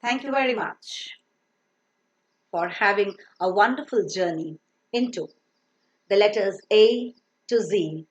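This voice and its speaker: A woman teaching pronunciation, repeating each word slowly and carefully. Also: mid-range voice, highs cut off. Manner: slow, deliberate, repeats each word twice. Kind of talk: phonics lesson. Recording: echoey room.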